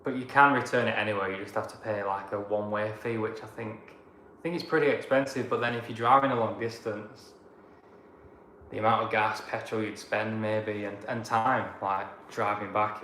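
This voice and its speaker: In an echoey room with background noise, a travel vlogger from Blackburn, England, speaks with a Lancashire accent while casually taking viewer comments in a chatty, rambling live-chat Q&A. His voice is fairly low and level, pushed and bright, at a moderate pace.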